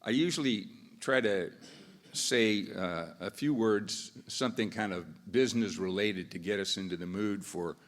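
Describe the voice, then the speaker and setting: Speaking into a podium mic at a business event, an American moderator opens with relaxed remarks and a joke, using fillers and restarting sentences. His voice is on the low side and unhurried, and the big conference hall adds a long reverb.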